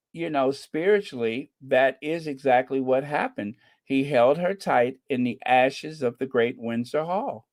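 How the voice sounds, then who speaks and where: An American channel host giving casual commentary with a sarcastic, rambling, mocking manner. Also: medium pitch. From United States.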